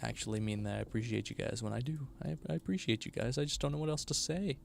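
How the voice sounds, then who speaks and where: A man's voice: mid-range voice, fast talker, vocal fry, faint music behind. A tired man chatting casually on a live stream while building a game, often mumbling to himself.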